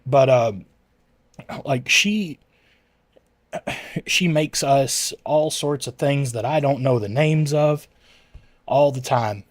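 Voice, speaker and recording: A man's voice: mid-range voice, takes it slowly, long pauses, dry recording. A man chatting casually with his livestream viewers, rambling and correcting himself as he answers chat messages.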